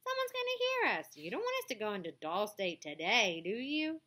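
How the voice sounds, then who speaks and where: High fretful little doll girl, hushed and bossy, read by a woman. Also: big pitch swings, heavily acted. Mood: anxious scolding. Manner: hurried, scolding whisper. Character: small living girl doll, anxious and bossy.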